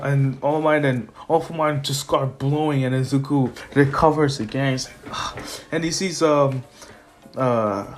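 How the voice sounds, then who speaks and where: A young man casually retelling a fan story, rambling and halting with fillers. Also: a little high. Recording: soft lofi music under.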